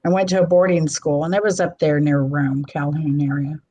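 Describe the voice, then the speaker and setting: A woman with a Midwestern American accent hosting a casual live-stream chat, talkative and quick to laugh. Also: deep voice, little pitch movement, mellow, dull audio. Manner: chatty, laughs often. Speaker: host.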